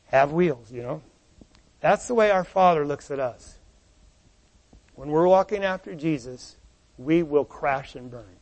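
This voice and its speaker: A man preaching a sermon as pastor, animated, with rhetorical questions to the congregation. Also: high-pitched, normal speed, long reverb tail.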